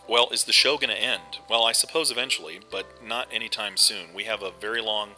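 A man's voice: fairly low pitch, fairly quick, pushed and bright, faint music behind, low-quality recording. A middle-aged man chatting casually over gameplay, rambling with lots of fillers and restarts. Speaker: host. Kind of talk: casual game commentary.

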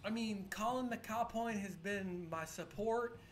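A woman streamer, drunk and close to tears, talks in a halting, rambling, profane way with many restarts. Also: medium pitch, slight background noise. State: tearful. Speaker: pinball streamer. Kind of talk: emotional live-stream monologue. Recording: echoey room with faint music. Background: faint music.

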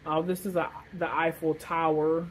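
In a hot room with a fan blowing, a vlogger casually chats through her shopping haul, rambling with lots of fillers. She speaks at normal speed with a low-pitched, level tone, and the rough recording carries a little hiss or hum.

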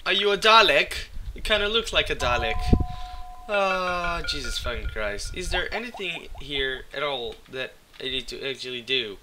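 A man with a hoarse, sick voice doing casual gameplay commentary, excitable and swearing as he talks to things in the game. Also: medium pitch, moderate pace, background noise. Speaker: let's play gamer. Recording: game music behind voice. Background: game music.

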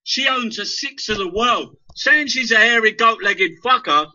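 Man, high and sharply bright, furious sweary stammering rant, dull lo-fi sound. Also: expressive, moderate pace. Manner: heavy swearing, repeated stammered words. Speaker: guest. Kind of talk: impassioned political rant. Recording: dull lo-fi internet radio audio.

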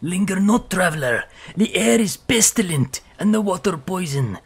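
A man voicing a solemn male guide who warns travelers in archaic, declaiming speech, with a husky voice. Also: sits high, animated, moderate pace, pitched above the performer's own voice, exaggerated voice. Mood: grave warning. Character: solemn ominous male swamp guide, warning.

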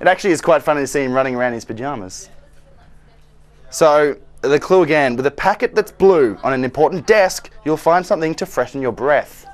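With a fairly high, animated voice and a brisk pace, a young host runs a scavenger hunt around a TV studio and offices. He teases his co-host, laughs a lot and barks joking commands in lighthearted banter.

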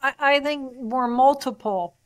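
A woman being interviewed as a neuroanatomist, explaining brain science with animated examples she acts out in voices. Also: high voice, a little slow. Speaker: guest neuroanatomist.

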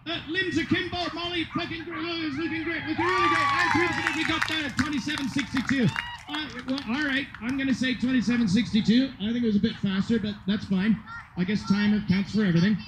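A man with a very high voice calls the action live, joking and rambling as he goes. He is out on an open field, and loud outdoor noise and barking dogs fill the background. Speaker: event commentator. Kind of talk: live sports commentary.

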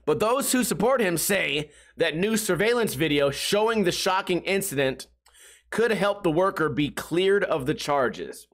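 Podcast host, male, higher voice, loose and rambly, jokes as he goes. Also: lively intonation, measured pace, a bit bright. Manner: rambling, joking, trails off with "like". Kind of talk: casual solo podcast rant.

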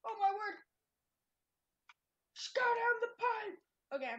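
A woman's voice: very high-pitched, animated, slow pace, muffled recording. A woman giving playful, chatty gameplay commentary, talking to herself with sudden exclamations. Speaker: gamer.

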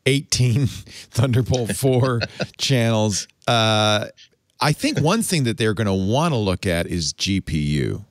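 Lively low-voiced male show host. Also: slow, dry recording, studio quality. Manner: animated, playful, fantasizing aloud. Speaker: podcast host. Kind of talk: casual tech panel chat.

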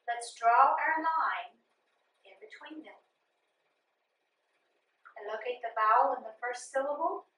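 Slow, patient woman teaching phonics. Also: fairly high pitch, sharp tone, far from the mic. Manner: slow, patient, sounding out syllables. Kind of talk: phonics lesson for children. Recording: echoey room, voice from off mic.

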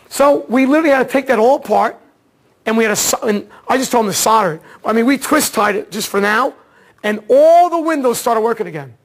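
A man teaching an automotive diagnostics seminar, telling a case story in a casual, excitable way and acting out the dialogue. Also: very high-pitched, a little fast. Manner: casual slangy talk, repeats words. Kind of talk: seminar lecture.

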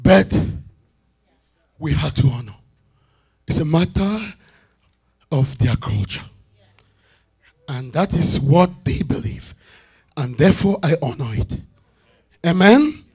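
A man preaching a sermon as bishop, calling out to the congregation for answers and swinging between loud declarations and hushed asides. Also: on the high side, sing-song, slow pace, pauses often, breathy edge. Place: church sanctuary.

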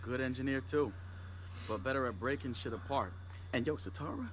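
A man's voice: mid-range voice, fairly quick, close to an everyday voice. A man voicing a laid-back, streetwise male hacker crew leader in a video game, casual and profane. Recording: game audio with crowd noise.

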